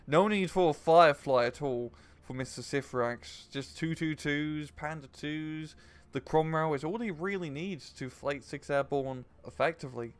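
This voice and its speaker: Upbeat guy casting a strategy game replay, smooth resonant voice. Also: fairly high pitch, normal speed. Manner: chatty, upbeat co-commentator. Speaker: game caster.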